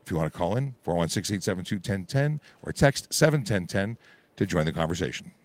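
A hoarse man, a police constable from Canada, explaining traffic rules informally on a live radio call-in from a busy auto show. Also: low voice, lively intonation, a little fast.

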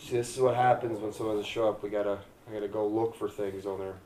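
A man's voice: lowish voice, level tone, quick pace, mellow, a little hiss or hum. A man running a tabletop game as dungeon master, casual and loose, swearing freely.

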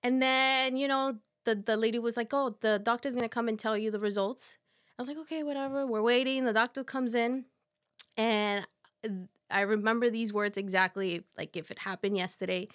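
A woman in her thirties, a podcast guest, telling a personal story in a halting, soft way with many fillers. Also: on the high side, fairly even intonation, smooth. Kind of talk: casual conversation.

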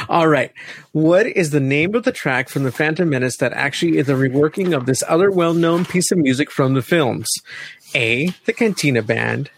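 Man, podcast co-host, casual trivia chat, rambling fillers, somewhat high voice, dry recording. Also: animated, unhurried, slightly rough, no echo. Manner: chatty, self-correcting with many fillers. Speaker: quiz co-host.

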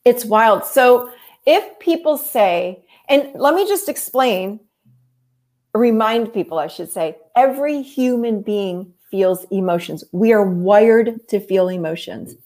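A middle-aged woman therapist explaining her ideas in an interview, animated and explanatory, often acting out what people say. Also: mid-range voice, slow pace. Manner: animated, explanatory, acts out quotes. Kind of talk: conversational interview.

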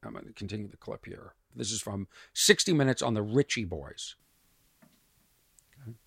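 A man hosting a comedy podcast, talking over a news clip in a halting, reflective way with many restarts. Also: lowish voice, expressive, gravelly, a bit bright, breathy edge, no echo. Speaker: podcast host. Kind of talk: casual commentary on a news clip.

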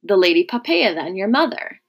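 A woman's voice: medium pitch, very animated, fairly quick, slightly rough, highs cut off. A woman reading the part of an honest young male slave who speaks plainly and levelly. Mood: firm. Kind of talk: audiobook character reading.

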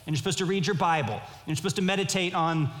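A man preaching a sermon in an earnest, measured way, often restarting his phrases. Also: sits high, a bit bright, in a large hall. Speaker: pastor.

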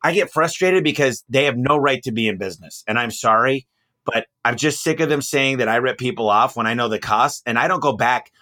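A man's voice: mid-range voice, brisk, bright, forceful tone. A man talking bluntly and emphatically as a guest, a home service business owner speaking in a casual podcast conversation.

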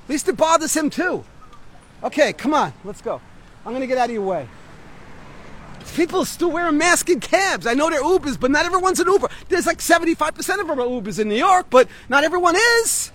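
A man's voice: extremely high pitch, expressive, a little fast, a bit bright, a little hiss or hum. A man vlogging outdoors on a city street, ranting in an agitated, rambling way with frequent swearing and restarts. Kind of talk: street vlog rant.

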